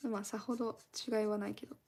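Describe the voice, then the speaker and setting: A woman's voice: mid-range voice, level tone, rapid-fire, darkish tone. A woman streaming live as she colors, chatting in a rambling, casual way and thanking her viewers often.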